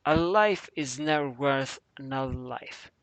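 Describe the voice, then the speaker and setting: Man reading a calm, stern pony agent. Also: medium pitch, a little slow, no echo. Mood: grave.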